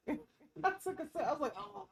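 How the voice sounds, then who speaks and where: A woman's voice: high voice, lively intonation, a little fast, a loud crowd, rough recording. A woman co-hosting a casual podcast, talking in a chatty way and giving advice. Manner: chatty, advising. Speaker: co-host.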